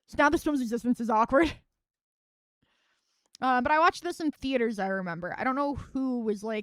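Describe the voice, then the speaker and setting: A woman's voice: fairly high pitch, normal speed, pauses often, clean tone, no room sound, clean studio sound. A young woman streaming live, chatting casually and wryly about films, rambling and swearing freely. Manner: rambling, profane and wry.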